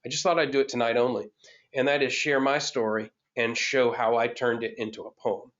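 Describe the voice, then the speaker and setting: Man teaching poetry, middle-aged, halting speech full of ums and restarts, muffled lo-fi call audio. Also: mid-range voice, steady tone, a bit bright. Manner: thoughtful, halting, many fillers and restarts. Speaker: course instructor. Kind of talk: online class lecture.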